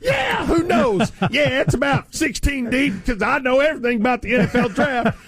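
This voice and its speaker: A man voicing a mocked, boastful old male team owner, loud and cackling. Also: extremely high pitch, lively intonation, normal speed, crowd noise, pitched above the performer's own voice. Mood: mocking.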